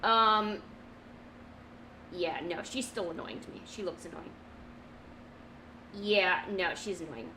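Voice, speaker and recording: A woman's voice: on the low side, slow pace, long pauses, sharp tone, a little hiss or hum, poor audio. A young woman chatting casually and laughing at herself while she draws, talking to her cat now and then. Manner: giggly, self-mocking, talks to her cat. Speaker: streamer drawing from memory. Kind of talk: casual chat while drawing.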